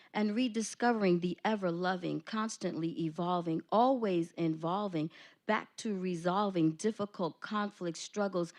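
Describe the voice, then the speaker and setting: A woman's voice: on the low side, a little mellow. A woman, a teacher, reads her own poem with rhythmic emphasis at a school board meeting, then introduces student poets. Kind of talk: poetry reading and meeting remarks.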